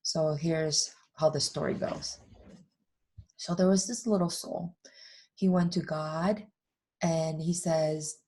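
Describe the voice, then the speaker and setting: A woman's voice: sits low, fairly even intonation, slow pace, long pauses, warm tone. A woman hosting a spiritual talk show, telling a story in an emphatic storytelling way. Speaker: podcast host, life coach. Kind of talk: storytelling chat.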